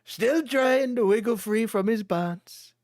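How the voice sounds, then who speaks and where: High-voiced man reading fanfiction aloud. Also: slow pace, darkish tone, dry recording, studio quality. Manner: amused, often breaking into laughter. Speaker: streamer.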